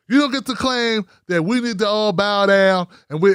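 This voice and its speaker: A man hosting a live call-in show, talking in an animated, profane, joking way. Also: sits high, moderate pace, hardly any pauses, clean tone, no room sound, clean studio sound. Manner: animated, profane, jokey impressions. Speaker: host taking calls.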